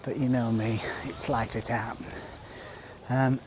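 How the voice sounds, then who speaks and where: Here a man vlogs a walking tour outdoors in a seaside village, chatting wryly and self-deprecatingly while holding the camera. His medium-pitched voice is a little mellow, moves little in pitch, and runs at normal speed amid outdoor street sounds.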